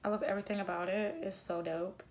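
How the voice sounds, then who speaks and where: A woman's voice: medium pitch, fairly even intonation, fast talker, slight background noise. A young adult woman with an African American accent, talking candidly to camera while doing her makeup, emphatic, swearing and calling her viewers y'all. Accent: African American English. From United States. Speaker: beauty vlogger.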